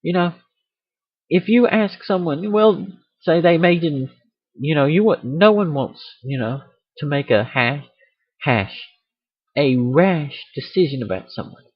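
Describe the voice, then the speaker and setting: A man rants in a casual video, rambling off on tangents and poking fun at himself. His voice is husky and lively, swinging up and down. The sound is dry and dull, from a computer mic. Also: a little high, a little slow, dry recording. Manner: rambling, self-aware, jokey. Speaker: video host. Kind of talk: casual rant vlog.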